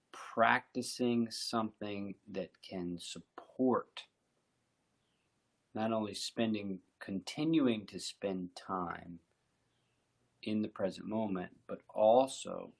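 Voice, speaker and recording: Husky, gravelly man, lowish voice, guided mindfulness talk, slow and reflective. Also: fairly bright tone. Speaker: meditation teacher.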